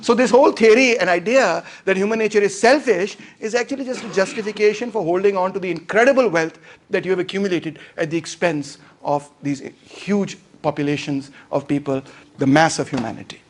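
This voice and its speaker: A man's voice: sits high, brisk. A man giving a casual, sarcastic lecture, switching between English and Hindi-Urdu. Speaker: lecturer on a book.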